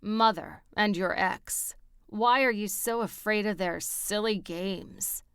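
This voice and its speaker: A woman's voice: medium pitch, slow pace, fairly bright tone, clear, resonant tone, dry recording, clean studio sound. A woman voicing a cocky, macho man who barks orders and taunts his brother as his gym trainer, in an audiobook. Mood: coaching. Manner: barking, taunting commands.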